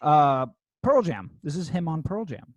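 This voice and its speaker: A man's voice: fairly high pitch, very animated, a little slow, no room sound. Easygoing laughing man, dry close sound. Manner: laughs often, easygoing, sets up clips. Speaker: podcast co-host. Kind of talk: casual chat.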